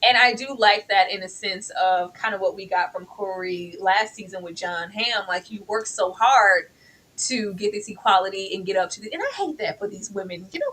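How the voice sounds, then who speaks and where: A woman co-hosting a casual TV review chat, animated and dramatic, slipping into mock voices of characters. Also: mid-range voice, moderate pace, slight background noise, poor audio. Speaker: co-host.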